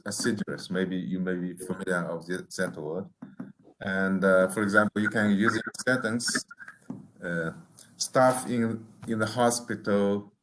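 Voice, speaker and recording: A man presenting the word of the day at a club meeting over a video call, careful and halting. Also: on the low side, fairly bright tone, poor audio. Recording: faint background noise.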